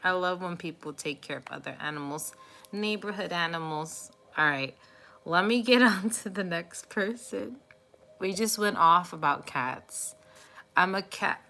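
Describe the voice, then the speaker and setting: A woman host chatting casually with viewers on a live stream, warm and cooing as she talks about cats. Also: on the low side, moderate pace, slight background noise. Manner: chatty and affectionate, cooing baby talk at her cat. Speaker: tarot reader live streaming.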